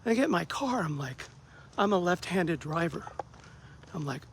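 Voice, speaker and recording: A therapist recounts his rough day in a relaxed, conversational vlog. His voice sits a touch high for a man and jumps as he acts out what people said. A faint hum of background noise runs under the recording. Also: moderate pace. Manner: animated, acts out quoted dialogue, self-deprecating. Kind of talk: casual vlog storytelling.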